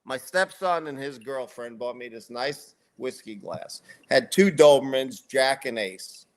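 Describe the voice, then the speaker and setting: A middle-aged man telling a story in casual podcast chat, ranting and swearing a lot in an animated way. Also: medium pitch, measured pace. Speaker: podcast co-host.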